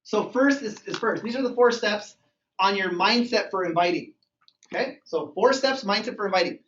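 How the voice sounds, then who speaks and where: High-voiced male sales trainer, echoey room. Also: moderate pace, slight background noise. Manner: energetic, acts out phone calls and dialogues. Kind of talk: motivational training talk. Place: meeting room with a live group. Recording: echoey room, far from mic, dull sound.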